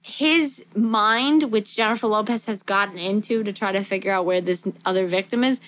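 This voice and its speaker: A woman co-hosts a podcast, recapping a film casually at a moderate pace in a medium-pitched voice. She's animated, swears freely, and acts out quotes from the movie.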